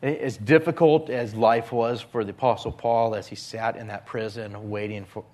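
A man preaching a sermon as a pastor, earnest, often dropping his voice to a hushed whisper on key phrases. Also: lowish voice, steady tone, normal speed.

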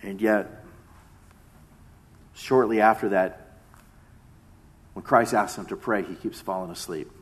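Guy preaching a sermon, lowish voice, gets loud then drops real quiet. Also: slow pace, long pauses. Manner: dramatic retelling, swinging between loud emphasis and hushed tones.

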